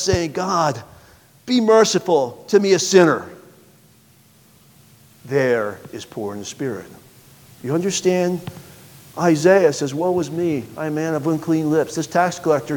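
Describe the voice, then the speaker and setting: A man preaching a sermon, reading scripture aloud with sharp swings between loud, high bursts and quiet, low passages. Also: long reverb tail. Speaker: pastor.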